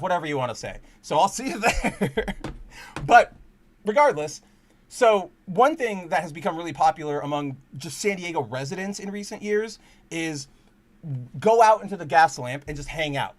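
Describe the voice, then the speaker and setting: A young man hosting a casual podcast, telling a rambling, excitable story full of restarts and swearing. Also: a little high, normal speed. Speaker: podcast host.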